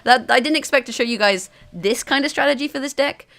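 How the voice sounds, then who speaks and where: A woman with a fairly high, brisk, slightly bright voice hosts a card game video. She talks strategy with her viewers while she plays, often correcting herself mid-sentence as she goes.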